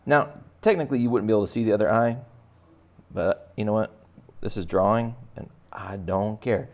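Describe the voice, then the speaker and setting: A man's voice: on the low side, a little fast. A man teaching kids to draw, chatting casually and making joking asides while he sketches. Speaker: art teacher. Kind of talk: casual drawing tutorial for kids.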